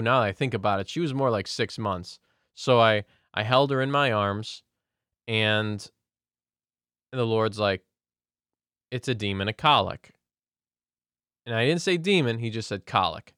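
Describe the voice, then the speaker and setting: A man's voice: medium pitch, a bit bright, no room sound, clean studio sound. Earnest man telling a faith story. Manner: earnest, conversational, frequent restarts. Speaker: guest sharing faith testimony. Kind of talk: casual storytelling testimony.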